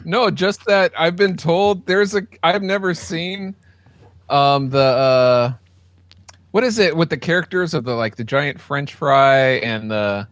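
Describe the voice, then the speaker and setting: A man in a casual podcast chat who gets flustered and keeps losing his words. His voice sits a little high and he breaks into giggles. The recording is dry and close. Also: takes it slowly, no room sound. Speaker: podcast co-host.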